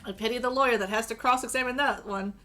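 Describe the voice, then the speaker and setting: A woman's voice: a little high, quick pace, pushed and bright, soft background music. A woman streaming a game, reading the dialogue aloud with joking, crude asides and a strained voice.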